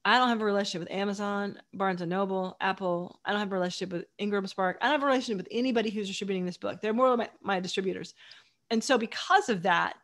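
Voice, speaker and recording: A woman's voice: medium pitch, fairly bright tone. Chatty, enthusiastic woman author. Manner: chatty, enthusiastic, rapid run-on sentences. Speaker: author guest. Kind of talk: casual chat.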